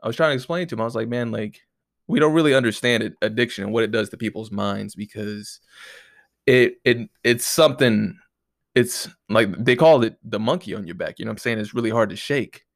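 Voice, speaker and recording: Solo host, male, stuffy nose, low gravelly voice, loose profane chatter, dry close sound. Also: fairly quick, dry recording. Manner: laid-back, rambling, profane slang. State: nasal, stuffed up from allergies. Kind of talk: casual solo talk.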